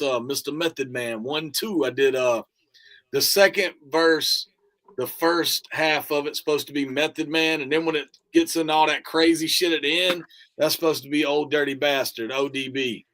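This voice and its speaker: A man chatting casually about music he made, laid-back and quick to laugh. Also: on the high side, bright, forceful tone. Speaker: musician reviewing his own album with a co-host. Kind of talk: casual chat.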